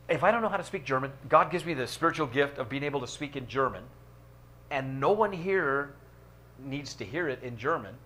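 Male pastor, mid-pitched, conversational teaching with wry asides; faint hum on the track. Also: fairly bright tone. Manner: conversational, joking asides, reads passages aloud. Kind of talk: teaching a church book study. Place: church room.

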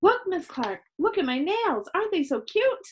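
A woman's voice: lively intonation, a little slow, slight background noise. A woman doing a whiny, showy little schoolgirl. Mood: showing off. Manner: high, whiny and dramatic. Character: prissy showy second-grade girl. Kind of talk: reading a children's book aloud.

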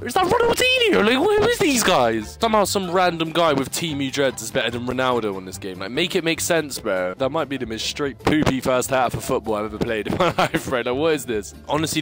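A young man giving casual, excitable gameplay commentary, ranting and stammering, with sudden high yelps. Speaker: gaming YouTuber.

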